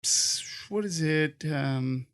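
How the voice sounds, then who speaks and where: High, bright-voiced rambling guy. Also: slow pace, smooth. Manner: rambling, many fillers like "like". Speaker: podcast co-host. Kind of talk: casual chat.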